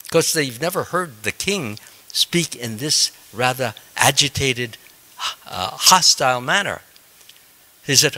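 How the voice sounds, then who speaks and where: Man teaching a scripture class, storytelling, animated pitch, bright clear tone, halting with restarts. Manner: halting, with frequent ums and restarts. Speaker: monk giving a scripture class.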